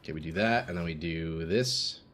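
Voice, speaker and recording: Speaking at a moderate pace in a low, slightly bright voice, this male gamer streams live through a desk microphone with a little background noise. He chats casually, reads messages from chat, and gets hyped in bursts as he plays.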